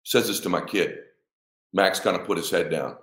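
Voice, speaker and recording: A middle-aged father telling a personal story in an emphatic way. He swears, acts out the dialogue and breaks into shouts at the high points. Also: moderate pace. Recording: echoey room.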